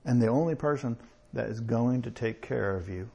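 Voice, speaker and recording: A man preaching a sermon in a conversational way, with chuckles and slow emphatic pauses. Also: medium pitch, vocal fry, dark tone, lo-fi sound, a little hiss or hum.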